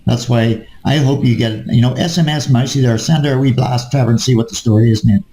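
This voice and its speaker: A man's voice: medium pitch, fairly even intonation, quick pace, mellow, reverberant, poor audio. A man in casual chat, ranting and swearing, repeatedly calling his listener mate. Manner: ranting, profane, keeps addressing the listener as mate.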